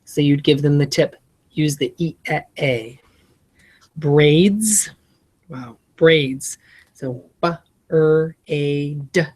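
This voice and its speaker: Teacher for a spelling lesson prep walkthrough, unhurried, sounds words out letter by letter. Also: medium pitch, steady tone, darkish tone. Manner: friendly, chatty asides. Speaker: reading teacher coaching other teachers.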